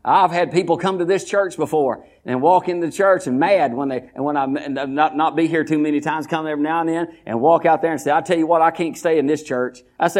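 Male pastor, folksy sermon delivery with call-and-response, deliberate scripture reading. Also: on the high side, steady tone, darkish tone. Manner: reads scripture slowly and deliberately.

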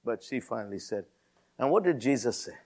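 A man's voice: medium pitch, animated, brisk, darkish tone. A man preaching a sermon in an emphatic, repetitive style, calling out to his listeners.

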